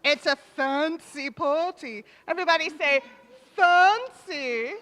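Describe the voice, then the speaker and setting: A woman with a high, bright, very animated voice leads a children's talk in church. She speaks slowly and encouragingly, asking questions and echoing the children's answers. The sound carries with a long reverb off the church hall. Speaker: leader of a children's time in a church service. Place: church sanctuary. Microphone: microphone.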